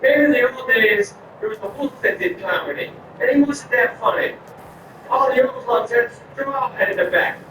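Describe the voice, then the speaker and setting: A man's voice: extremely high pitch, normal speed. Profane man telling stand-up stories. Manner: profane, rambling and conversational. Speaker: stand-up comedian. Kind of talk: stand-up storytelling. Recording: very echoey, far-off mic, noisy.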